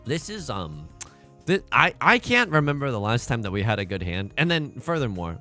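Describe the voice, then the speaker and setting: A man's voice: mid-range voice, moderate pace, faint music behind. A man streaming a game, chatting casually and jokingly, repeating himself and putting on mock outrage. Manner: animated, jokey, repeats phrases, mock outrage. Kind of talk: casual livestream gameplay commentary.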